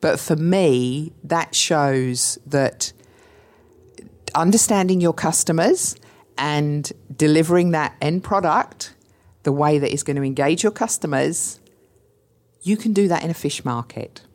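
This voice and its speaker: A woman's voice: low voice, a little slow. A woman with a mixed English and New Zealand accent, chatting emphatically as a podcast guest. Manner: animated, emphatic storytelling. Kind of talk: enthusiastic interview chat.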